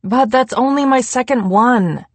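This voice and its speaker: A woman's voice: on the high side, unhurried, no room sound, pitched above the performer's own voice. A woman voicing a giddy tipsy young chef. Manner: playful and animated.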